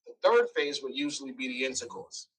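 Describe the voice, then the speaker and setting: A man as an interview guest telling a personal story, animated, acting out quoted lines. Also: medium pitch, fairly quick, husky, distant mic, poor audio.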